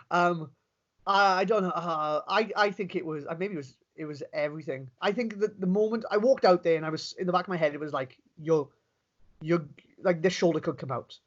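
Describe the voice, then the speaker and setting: A Welsh man, a professional wrestler, telling stories in a casual interview, animated and quick with many restarts. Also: sits high, lo-fi sound. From Wales.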